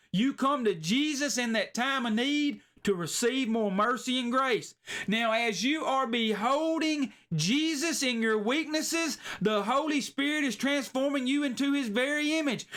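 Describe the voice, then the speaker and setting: A man preaching a sermon in an earnest, folksy way, slowing down to stress his points. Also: very high-pitched, a bit bright. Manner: folksy, earnest, slows down for emphasis.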